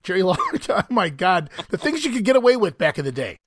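A man hosting a wrestling history podcast, animated and incredulous, often laughing as he talks. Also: sits high, fast talker, husky, no room sound. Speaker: podcast host. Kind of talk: casual podcast commentary.

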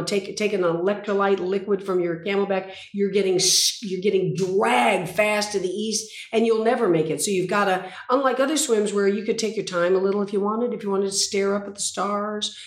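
A woman's voice: mid-range voice, steady tone, fairly quick, few pauses. An older woman in her sixties, a guest in an interview, telling stories intensely and dramatically. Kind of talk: interview conversation. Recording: roomy echo.

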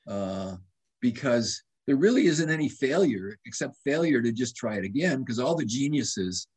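A man in his seventies, a doctor being interviewed, telling animated stories in casual conversation. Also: medium pitch, moderate pace, slightly rough. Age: 70s. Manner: animated storyteller, restarts and quotes himself. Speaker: guest doctor.

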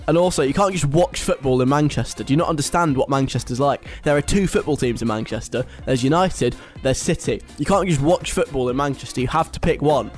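A young British radio host reads a list aloud and pokes fun at it in a chatty, wry way. His mid-range voice moves briskly with few pauses, and faint music plays behind him.

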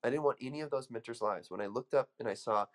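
A man's voice: mid-range voice, fast. A man coaching an audience with an emphatic, storytelling motivational speech, full of restarts. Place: room with an audience.

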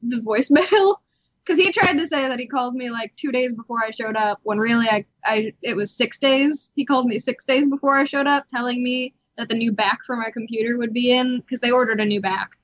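A woman's voice: a little high, fairly quick. A young woman co-hosting a casual podcast, telling a story with lots of laughs and acted-out quotes. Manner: animated storytelling, acts out quotes, laughs often. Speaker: podcast co-host. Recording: dull lo-fi podcast audio.

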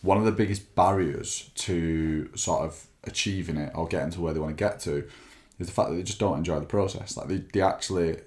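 Low-pitched man, British accent, young adult, teasing co-host, casual chat. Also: a little fast, a little mellow. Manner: chatty, teasing, banter-driven. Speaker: podcast co-host, weight loss coach.

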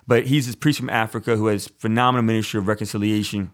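A man's voice: lowish voice, fast talker. A man, a Catholic preacher, giving a casual teaching talk with personal stories, speaking conversationally and often saying "like" and "right". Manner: conversational, relaxed, frequent "like" and "right".

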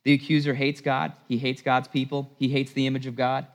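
A man preaching a sermon in a church, animated and emphatic, with rhetorical questions. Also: mid-range voice, a little fast. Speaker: priest preaching. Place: church sanctuary. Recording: long church reverb.

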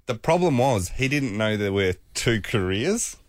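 A man telling a long anecdote on a talk show, animated and laughing often. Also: on the low side, measured pace, no echo. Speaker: podcast guest. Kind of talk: casual storytelling chat.

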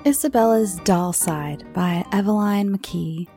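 Slow woman reading kids' stories. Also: mid-range voice, gravelly, faint music behind. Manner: slow, expressive storytelling. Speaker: narrator. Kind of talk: reading children's stories aloud.

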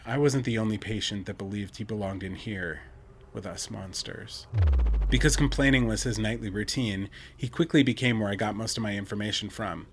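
A man, a podcast host, narrating a first-person horror story in a measured, dramatic and wry way. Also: fairly low pitch, fairly bright tone.

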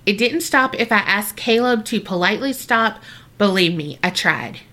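A woman's voice: medium pitch, expressive, bright, forceful tone. A woman co-hosting a podcast, reading a listener's letter and reacting in a bubbly, chatty way. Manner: bubbly and reactive, quick exclamations. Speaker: podcast co-host.

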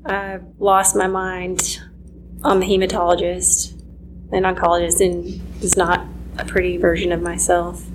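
A woman's voice: lowish voice, monotone, measured pace, noisy background. Earnest woman telling her story. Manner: earnest, emotional, quiet moments near a whisper. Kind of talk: personal testimony.

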